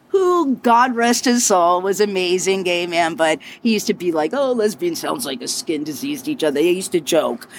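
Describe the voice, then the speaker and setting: A middle-aged woman bartender telling her story in an interview, lively and chatty, laughing often and adding quick asides. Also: on the low side, a little hiss or hum. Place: inside a bar.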